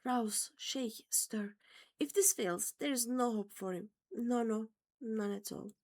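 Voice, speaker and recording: A woman's voice: on the high side, takes it slowly, a little mellow. A woman voicing a timid, fretful female kobold alchemist who strings synonyms together. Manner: repeats herself in lists of synonyms.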